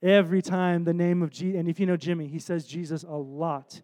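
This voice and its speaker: A man's voice: a little high, level tone, a little fast, warm tone. A young man preaching a sermon in an earnest, conversational way, telling an emotional personal story. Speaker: worship leader preaching.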